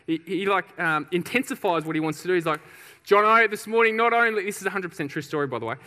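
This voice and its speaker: A man preaching a sermon, telling a personal story with laughs and acted-out shouts. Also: a little high, rapid-fire. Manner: lively storyteller, laughs often, acts out shouts. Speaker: pastor. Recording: reverberant hall.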